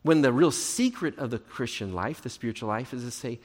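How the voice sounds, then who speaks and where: A male pastor preaching a sermon in an earnest way, moving between emphatic and hushed delivery. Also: medium pitch, lively intonation, brisk. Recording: long hall reverb.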